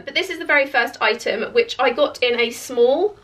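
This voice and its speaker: Woman vlogger, high and bright, croaky voice, chatty with "like" fillers. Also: normal speed. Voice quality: chatty, filler-heavy with lots of "like". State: croaky voice cracking from hiccups. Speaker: fashion vlogger. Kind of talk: casual try-on haul chat. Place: bedroom beside a clothes rail.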